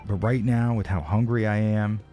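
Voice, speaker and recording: A man's voice: fairly low pitch, steady tone, moderate pace, mellow, soft background music. A man streaming a game live, frustrated and swearing as he chats with viewers and thanks donors, his voice starting to wear out. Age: adult. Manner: frustrated, swearing, talking to chat. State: voice starting to go hoarse. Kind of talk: live gameplay stream chat.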